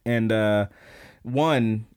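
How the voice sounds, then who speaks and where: A man co-hosting a podcast, casually recapping an anime episode with lots of fillers and quick laughs. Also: fairly low pitch, darkish tone, clear, resonant tone. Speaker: podcast co-host.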